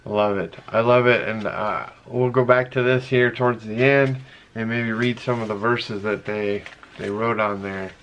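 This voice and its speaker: A middle-aged man casually chatting as he opens fan mail, earnest and emotional, halting with many fillers and reading letters aloud slowly. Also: lowish voice, steady tone, a bit bright, highs cut off. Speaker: vlogger opening fan mail. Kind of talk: casual chat.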